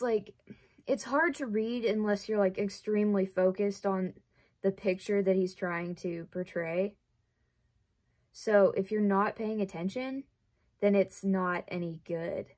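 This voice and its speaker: A woman's voice: medium pitch, darkish tone. A young woman from the southern United States with a light Southern accent, rambling in a casual vlog while she sews, full of "like" and wry self-deprecating asides. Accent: light Southern American. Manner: rambling, chatty, says "like" often. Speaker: vlogger. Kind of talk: casual chat while sewing.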